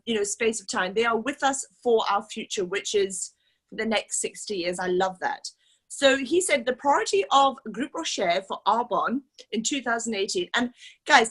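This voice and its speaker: A woman's voice: fairly high pitch, a bit bright. A woman leading a team training session, talking in a chatty, enthusiastic way with lots of fillers. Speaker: team leader. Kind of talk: casual training talk.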